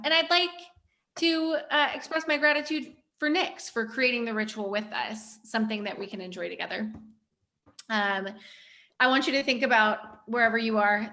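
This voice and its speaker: A woman hosting a workshop, gently and playfully guiding a group through a mindful-eating ritual over a video call. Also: medium pitch. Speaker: workshop host.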